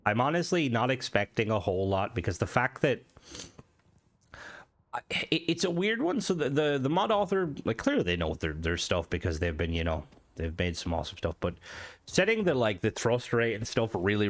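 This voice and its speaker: A man with a nasal, stuffy voice from hay fever, thinking aloud as he comments on a game. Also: lowish voice. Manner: rambling, thinking aloud with restarts. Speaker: gaming video host. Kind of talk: casual gameplay commentary.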